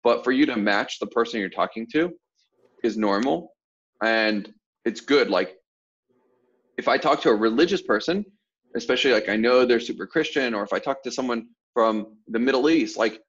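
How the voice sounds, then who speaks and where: A man's voice: medium pitch, animated, moderate pace, a bit bright, slightly rough, dull audio. A man from the southern United States, a sales coach, explaining ideas casually with examples on a group coaching call.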